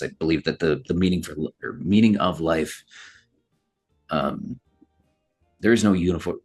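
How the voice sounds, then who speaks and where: Husky, gravelly-voiced male actor guest. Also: very deep voice. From Chicago, USA. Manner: thoughtful, searching, frequent hesitations. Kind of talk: reflective interview answers.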